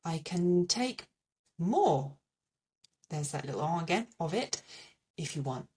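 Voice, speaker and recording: A woman's voice: lowish voice, animated, unhurried, darkish tone, recorded from a distance. A woman with an English accent teaching a French pronunciation lesson, patiently repeating little memory tips.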